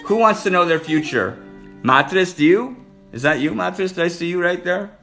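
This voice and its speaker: Man live-streaming, a bit high-voiced, flirty and playful, faint guitar behind. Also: expressive, normal speed, fairly bright tone. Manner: flirty, playful, hyping up viewers by name. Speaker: livestream host reading viewer comments. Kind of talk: casual live-stream chat.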